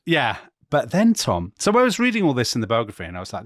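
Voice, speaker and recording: Male podcast co-host: lively, chatty storyteller who laughs easily. Dry, close studio sound. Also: mid-range voice, fast talker, no room sound. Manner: animated, laughs often while telling a story. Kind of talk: casual conversational storytelling.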